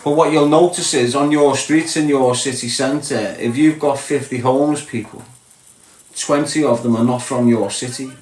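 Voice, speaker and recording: A man's voice: medium pitch, fairly even intonation, normal speed, darkish tone. Chatty Scouse man in a roomy room. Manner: blunt, chatty, addresses viewers as lad and mate. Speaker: livestream host. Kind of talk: casual chat to viewers. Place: small box room indoors. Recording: roomy echo.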